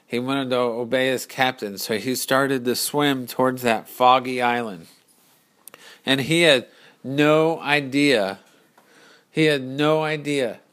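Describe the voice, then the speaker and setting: A man telling an improvised pirate adventure story in an unhurried, explanatory way. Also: medium pitch, a bit bright.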